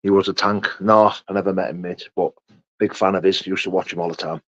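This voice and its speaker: Young geordie-ish guy chatting on a livestream, matey and casual, low voice, muffled dry sound. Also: steady tone, brisk, a bit bright, no echo. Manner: reads out viewer names and greets them, chatty and matey. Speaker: livestream host answering chat. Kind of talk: casual live chat.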